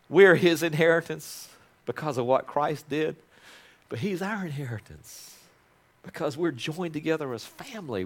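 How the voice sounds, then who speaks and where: A man preaching a sermon to his congregation, moving from loud, fervent prayer to quiet, intimate asides and calling on people to repeat phrases after him. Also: on the high side. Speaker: pastor.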